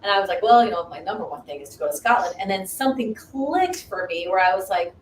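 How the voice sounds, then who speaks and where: A woman in her fifties telling a story in casual chat as co-host, acting out the voices she quotes. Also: fast talker. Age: 50s. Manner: animated, acts out quoted voices with big swings in pitch. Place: home live stream. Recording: roomy echo, distant mic, faint noise.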